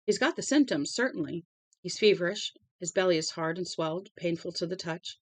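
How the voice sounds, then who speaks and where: A woman's voice: on the low side, animated, fairly quick, no echo. A woman reading aloud voicing an older man who sounds upset and scared. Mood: worried. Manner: anxious.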